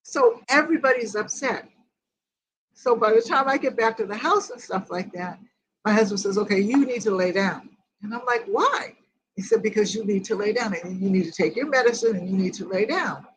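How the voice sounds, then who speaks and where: Over poor audio, an older woman who runs a grief group talks in a mid-range voice at a fairly quick clip. She tells a personal story casually and meanderingly, quoting each conversation word for word.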